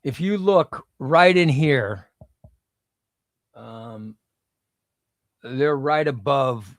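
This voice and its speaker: A man's voice: medium pitch, dry recording, studio quality. Rambling man on a livestream. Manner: rambling, reads chat aloud, swears casually. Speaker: comic book livestream host. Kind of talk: casual livestream chat.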